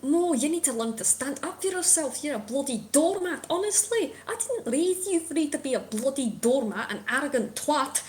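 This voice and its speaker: A woman's voice: sits high, animated, moderate pace, hardly any pauses, a little mellow, slight background noise, pitched above the performer's own voice. A woman voicing a spiteful spectral father figure who berates his children, with a put-on British accent. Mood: scornful. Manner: sneering, berating, scornful.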